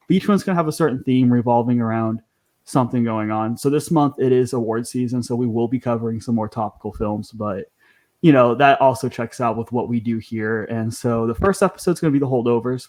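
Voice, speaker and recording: A podcast host with a medium-pitched, darkish voice talks briskly in a casual, chatty way, with frequent ums and restarts.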